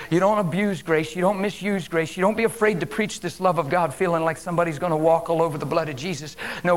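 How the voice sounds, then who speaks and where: A man preaching a sermon as a guest preacher at a church service, swinging from emphatic declarations to hushed whispers. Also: fairly high pitch.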